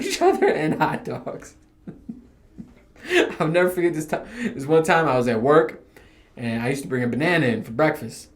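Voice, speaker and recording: A man with a voice pitched a bit higher than most men talks casually through a solo podcast. He rambles from story to story, swears freely, and breaks into laughter often. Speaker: podcast host.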